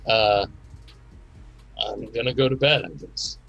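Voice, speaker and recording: Slow, husky-voiced man. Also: lowish voice, a bit bright, dull audio. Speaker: player. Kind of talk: casual tabletop play.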